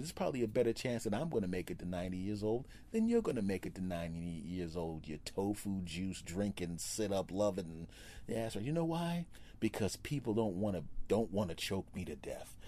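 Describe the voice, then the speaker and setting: Low-voiced man ranting in mock-tough jest. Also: sing-song, brisk, warm tone. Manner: mock-tough, self-deprecating ranting with sarcastic asides. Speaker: podcast host. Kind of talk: comedic solo podcast rant.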